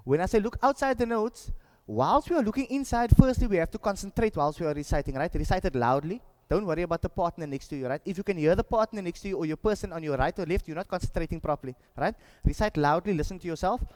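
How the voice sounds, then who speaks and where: A man teaching Quran memorisation, leading a group through slow, drawn-out recitation drills with clear instructions. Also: on the high side, a little mellow, in a large hall. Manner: instructive, repeats words slowly and drawn out.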